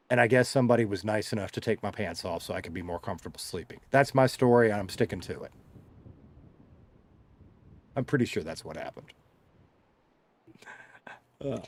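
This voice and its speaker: Joking Southern man chatting with viewers. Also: lowish voice. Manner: joking, rambling storyteller who slides his drawl heavier or lighter. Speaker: streamer reading chat. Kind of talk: casual chat with a live audience.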